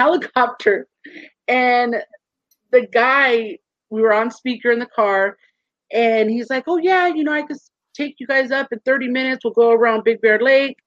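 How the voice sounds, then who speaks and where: A woman in her thirties, medium-pitched, is a guest in a candid interview, talking earnestly and animatedly and acting out voices in her stories. It's recorded over a video call with no room sound and a dull, muffled, lo-fi quality.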